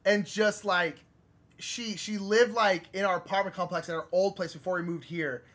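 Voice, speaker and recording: A man's voice: high-pitched, fairly even intonation, moderate pace, fairly bright tone. A young man co-hosting a live game stream, chatting casually and telling rambling stories full of "like". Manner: rambling storyteller, lots of "like". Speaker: streamer co-host.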